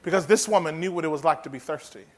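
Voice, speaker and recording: A man preaching a sermon in a folksy, humorous, animated way. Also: fairly high pitch, fast talker. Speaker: pastor.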